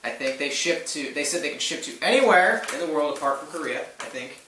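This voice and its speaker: A young man co-hosting a casual question-and-answer chat, quick and enthusiastic with a joking streak. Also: on the high side, animated. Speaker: co-host answering fan questions. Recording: echoey room, mic at a distance, faint noise.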